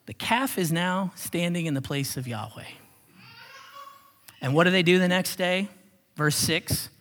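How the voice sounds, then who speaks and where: A man preaching a sermon as pastor, animated, swinging from loud exclamations to hushed whispers. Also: a little high. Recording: long reverb of a large hall.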